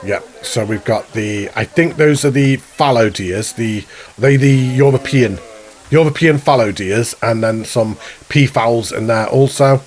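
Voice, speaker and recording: A man's voice: medium pitch, unhurried. A man giving chatty, rambling commentary while touring a zoo in a video game, often laughing at himself. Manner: chatty, rambling, self-mocking. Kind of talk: casual gameplay commentary. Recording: faint background music.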